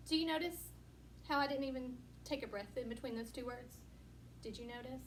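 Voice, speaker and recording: A woman teacher giving a recorded lesson to young children, patient and encouraging, asking questions and pausing for answers. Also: a little high. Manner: slow, patient, encouraging, asks questions and pauses. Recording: distant mic, faint room noise.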